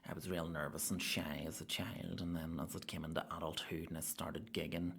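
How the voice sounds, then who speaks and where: A Northern Irish man, a stand-up comedian and podcast host, rambling through a comic monologue full of swearing and sudden loud outbursts. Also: rumbling low, flat delivery, fairly quick, creaky, husky.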